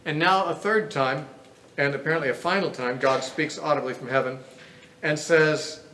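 A man, a Bible teacher, gives an earnest classroom lecture, reasoning through each point aloud. His voice sits a little high for a man. It carries a roomy echo with a faint hiss of noise underneath. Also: moderate pace, sharp tone. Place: lecture room.

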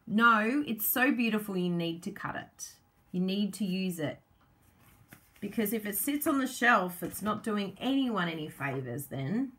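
A woman, gushing excitedly over craft paper and chatting with viewers on a live stream. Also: medium pitch, measured pace. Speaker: craft product demonstrator. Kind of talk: live-stream unboxing chat.

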